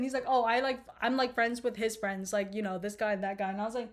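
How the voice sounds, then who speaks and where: A woman's voice: fairly high pitch, little pitch movement, fast talker. A young woman in her twenties casually telling a rambling, profane story to her viewers, with laughing asides. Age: 20s. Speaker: vlogger.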